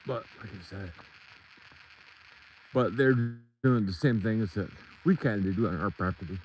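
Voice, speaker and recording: A man's voice: fairly low pitch, moderate pace, a little mellow, slight background noise, rough recording. A man out of breath, rambling in casual chat on a livestream as he walks outdoors and calls to his dogs. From Michigan. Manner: rambling, talks to his dogs between thoughts. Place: outdoors on a rural property edge.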